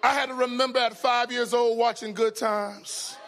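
A man preaching a humorous, storytelling sermon. He is folksy and conversational, laughs often, and swings from shouts to hushed asides. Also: extremely high pitch, fairly even intonation, normal speed, some chatter behind.

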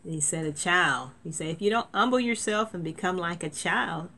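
A woman's voice: fairly low pitch, expressive, moderate pace, bright, forceful tone. A woman preaching a sermon in a conversational way, with restarts and sudden emphatic lifts.

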